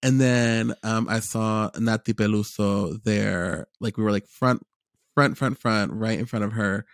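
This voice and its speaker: A young man in casual chat, telling a lively story with lots of fillers and repeated words. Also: lowish voice, measured pace, dry recording, studio quality.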